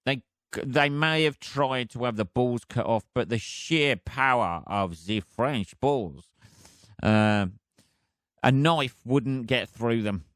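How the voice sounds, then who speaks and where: A man rambles through a solo podcast monologue, swearing freely and chuckling as he goes. His voice sits at a middling pitch, and the sound is close and dry. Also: lively intonation, takes it slowly, fairly bright tone, dry recording. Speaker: podcast host.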